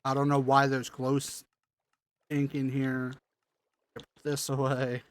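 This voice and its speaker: A man's voice: medium pitch, completely flat delivery, slow, clear, resonant tone. A man streaming a game live, chatting casually and talking to himself while he plays, with offhand jokes. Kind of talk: casual live gameplay commentary.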